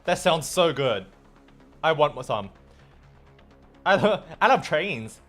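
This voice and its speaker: A man's voice: fairly high pitch, sing-song, takes it slowly, a bit bright, faint music behind. A young man, a streamer, chatting casually and playfully with viewers while gaming. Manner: chatty and playful, reacts to chat. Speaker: streamer and host.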